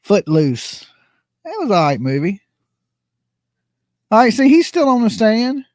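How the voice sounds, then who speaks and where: A man's voice: high voice, huge pitch swings, a little slow, a little mellow, no room sound, studio quality. A man hosting a casual livestream, joking, rambling and laughing often. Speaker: livestream host commenting on a trial.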